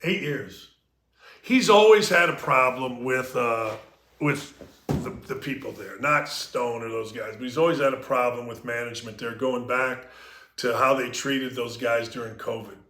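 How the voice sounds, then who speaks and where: Echoey, bright-voiced sports talk host. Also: male voice, medium pitch, normal speed. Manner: profane storyteller, acts out quotes. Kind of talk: casual sports chat.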